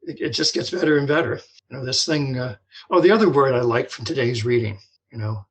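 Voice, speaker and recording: An older man from New Jersey telling his story as a guest, halting and repeating words as he talks. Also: mid-range voice, poor audio. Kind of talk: personal recovery story.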